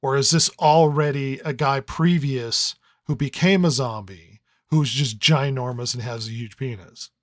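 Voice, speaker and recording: A man's voice: medium pitch, unhurried, no room sound. A man co-hosting a podcast review in casual chat, rambling and riffing with lots of stammered restarts. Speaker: podcast co-host.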